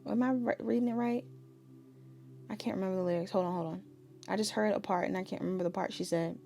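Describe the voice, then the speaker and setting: A woman's voice: mid-range voice, fairly even intonation, fast, creaky, mellow. A woman giving a casual tarot reading, chatting straight to her viewers. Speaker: tarot reader.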